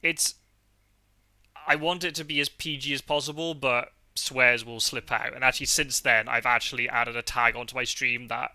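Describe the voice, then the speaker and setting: Scottish male podcast host, chatty and rambling, gravelly and sharp in tone. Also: mid-range voice, steady tone, moderate pace, dry recording. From Scotland. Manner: chatty, rambling with many fillers and self-corrections. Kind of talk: casual chat.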